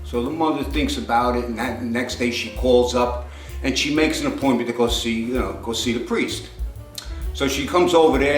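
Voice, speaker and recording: In a roomy-sounding recording, a medium-pitched man rambles through jokes conversationally, raising his voice to bring the characters to life.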